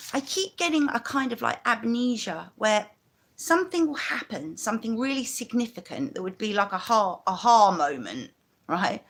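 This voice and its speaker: Rambling London woman, fairly high voice. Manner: rambling and chatty, full of "you know" asides. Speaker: YouTube live streamer. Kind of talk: casual live-stream monologue.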